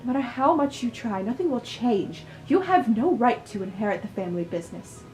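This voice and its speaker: Lady reading a cold proud rich mom, stern, dismissive, slightly high, soft music in back. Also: sing-song, fairly quick, reverberant.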